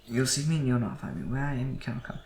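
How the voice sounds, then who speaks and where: A man reading as Jesus, gravelly and steady. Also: medium pitch, very fast, slight background noise, close to an everyday voice. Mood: earnest. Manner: reads steadily with slips and restarts. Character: Jesus, a calm grown man teaching crowds.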